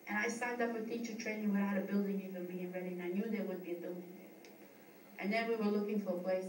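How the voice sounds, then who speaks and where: A woman's voice: fairly low pitch, a little mellow. A middle-aged woman from the US East Coast, a yoga school founder giving a heartfelt, rambling tribute speech with frequent restarts. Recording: echoey room, distant mic, noisy.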